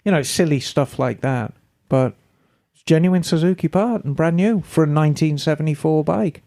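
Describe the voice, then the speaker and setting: A woman hosting a podcast, chatting casually and reading listener emails in a lively, storytelling way. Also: low-pitched, normal speed. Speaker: podcast host.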